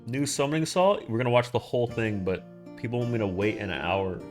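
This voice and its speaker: A man's voice: mid-range voice, a little fast, hardly any pauses, music in the background. A man streaming live, chatting casually and rambling, swearing often and answering his chat. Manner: rambling, profane, talking back to chat.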